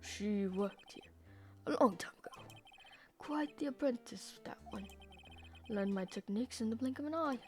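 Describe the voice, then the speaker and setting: A woman voicing a pompous, evasive older male lawyer with a drawn-out, theatrical delivery. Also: a little high, expressive, darkish tone, soft background music, close to an everyday voice.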